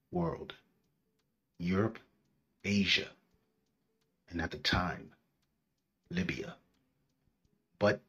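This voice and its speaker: A man with a low voice reads a history lecture at a very slow pace. He draws out each phrase with deliberate pauses, like a scripted narration. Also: gravelly, a bit bright. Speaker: history presenter.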